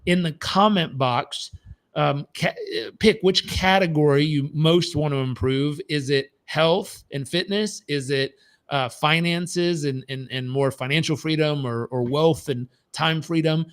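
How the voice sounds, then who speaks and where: A man's voice: on the high side, unhurried. A man running a live motivational coaching session with an emphatic, repetitive delivery, often stumbling and restarting his sentences. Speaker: performance coach.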